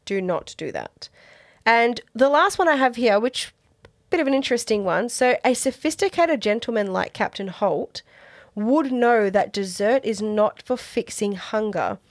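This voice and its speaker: A woman's voice: a little high, animated, no echo, studio quality. Chatty Australian woman podcaster. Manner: chatty, quick asides and laughs. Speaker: podcast co-host. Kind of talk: casual chat.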